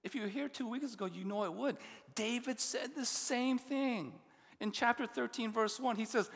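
A pastor preaching a sermon, expressive, often dropping to a hushed voice for emphasis. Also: male voice, very high-pitched, moderate pace. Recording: long reverb of a large hall.

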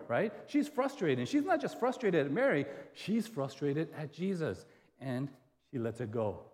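Man, pastor, sermon, animated rhetorical questions, fairly high voice, long hall reverb. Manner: conversational preaching with rhetorical questions.

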